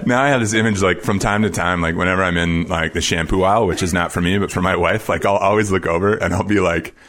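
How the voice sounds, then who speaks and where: A man's voice: sits low, steady tone, fast talker, a bit bright. A man, a podcast guest, telling a story casually, rambling with lots of filler words.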